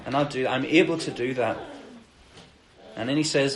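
A man's voice: mid-range voice, normal speed, pauses often, low-quality recording. A man preaching a sermon in an earnest, conversational way, acting out quoted lines with animation.

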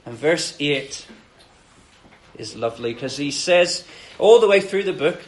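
A man's voice: fairly high pitch, lively intonation, measured pace, a little hiss or hum, rough recording. A man preaching a sermon in an earnest, conversational way, acting out quoted lines with animation.

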